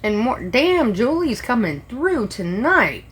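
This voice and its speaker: A woman's voice: a little high, very animated, takes it slowly. A woman who works as a restaurant server, ranting casually on a livestream and swearing freely in an exasperated way.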